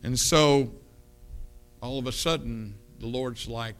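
A male pastor preaching, telling a personal story with lively quoted dialogue and punchy delivery. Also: mid-range voice, a little slow, smooth. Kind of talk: sermon storytelling.

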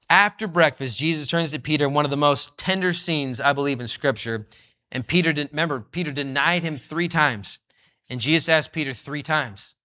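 Male preacher, fervent sermon delivery, bright and forceful voice, a bit high. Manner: fervent, rising to near-shouts when voicing Jesus; reads scripture in old-fashioned wording, slowing for emphasis.

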